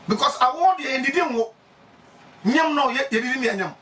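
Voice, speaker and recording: High-voiced, animated Ghanaian preacher man. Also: brisk, recorded from a distance. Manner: emphatic, laughing, bursts of shouting.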